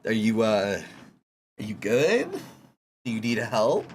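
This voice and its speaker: A streamer chatting casually with their chat while drawing, teasing viewers and breaking into sudden high squeaks. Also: sing-song, slow, a little mellow, slight background noise.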